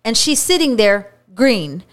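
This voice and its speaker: Higher-voiced woman retelling a plot. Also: very animated, a little slow, background noise. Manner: chatty retelling, profane. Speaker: podcast co-host. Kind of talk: casual movie-review chat.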